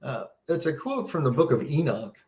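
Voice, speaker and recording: A man presents a casual seminar live, his voice sitting at an ordinary middle pitch. He talks earnestly and with a sense of wonder, restarting phrases as he goes. The room around him rings noticeably. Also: sing-song, normal speed, a little mellow, roomy sound. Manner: earnest, wondering, conversational teaching with frequent restarts. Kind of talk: casual live-stream Bible seminar talk.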